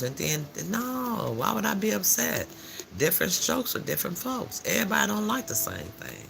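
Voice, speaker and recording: Animated, gravelly older man chatting live. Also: sits high, moderate pace, a little hiss or hum. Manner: chatty, animated storytelling with frequent laughs and slang. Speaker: live-stream host. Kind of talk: casual morning live-stream chat.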